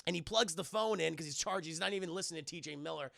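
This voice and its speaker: A male live streamer reviewing films gives a casual spoiler recap to his chat, animated and profane, acting out characters' lines in quick bursts. His voice is high and gravelly, and the recording is dry with clean studio sound.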